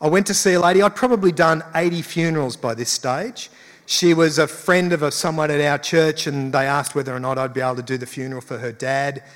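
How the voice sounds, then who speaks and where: A man's voice: a little high, steady tone, brisk. A male pastor giving a conversational sermon with emphatic rises. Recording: long hall reverb.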